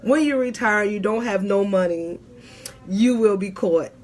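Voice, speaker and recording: A woman's voice: mid-range voice, measured pace, a little mellow, soft background music. A woman accountant on a live stream, giving tax advice in an emphatic, preachy way and repeating her key points.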